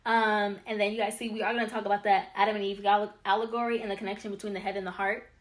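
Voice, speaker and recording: A woman teaching spiritual ideas on her own channel in a casual, chatty way. She gets excitable and keeps talking straight to her viewers. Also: medium pitch, very fast. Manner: addresses viewers as y'all and you guys. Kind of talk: casual teaching talk over slides.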